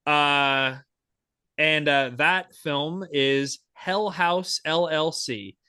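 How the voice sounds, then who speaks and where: A man's voice: a little high, extremely slow, sharp tone, clear, resonant tone, no room sound, studio quality. A young man co-hosting a podcast, chatting casually and enthusiastically, rambling with lots of fillers and restarts. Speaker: podcast co-host.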